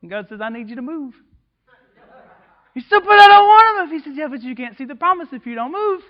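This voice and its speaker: High-voiced preacher guy, folksy talk, goes from shouting to almost a whisper. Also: animated, brisk, highs cut off. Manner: passionate preaching, swings between shouting and quiet. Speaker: assistant pastor. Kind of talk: sermon. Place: church sanctuary.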